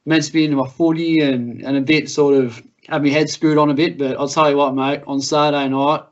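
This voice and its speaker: A man's voice: a little high, fairly even intonation, a little fast. A young Australian man co-hosting a podcast, chatting casually and laughing his way through stories. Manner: laid-back storytelling, laughs through tales. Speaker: podcast co-host. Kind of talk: casual chat. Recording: muffled lo-fi audio.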